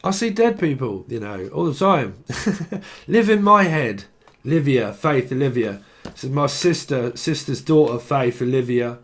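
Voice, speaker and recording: A man talks loosely through a tarot reading, his voice sitting at an ordinary middle pitch. He rambles, swears casually and chuckles between thoughts, wandering off topic as he goes. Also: expressive, normal speed. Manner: chatty, swears freely, chuckles often, drifts off topic. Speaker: tarot reader.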